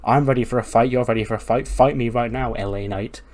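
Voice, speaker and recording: A man's voice: mid-range voice, steady tone, quick pace, darkish tone, lightly acted. A man voicing a fed-up male wrestler who challenges a rival to a fight.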